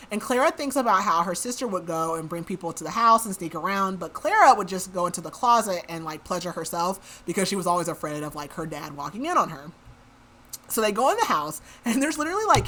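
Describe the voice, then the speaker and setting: A woman's voice: on the low side, bright, forceful tone, a little hiss or hum. A woman hosting a podcast, recapping a book in a casual, chatty way and saying "like" a lot. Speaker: podcast host.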